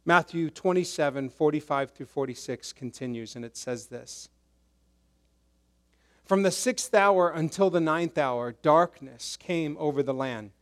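A man preaching a sermon, swinging between loud emphasis and hushed, quiet lows. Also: unhurried. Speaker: pastor.

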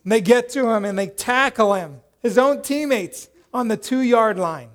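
Animated high-voiced male preacher. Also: a little slow. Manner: animated storyteller, acts out quoted voices loudly, drops to soft prayerful tone. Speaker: pastor. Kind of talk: sermon with storytelling.

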